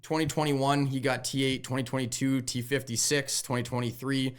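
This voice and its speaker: A man co-hosting a podcast with his brother, arguing his points in casual, animated chat. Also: mid-range voice, fairly quick, clean tone. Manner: animated, argumentative, casual swearing. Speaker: podcast co-host, golf betting.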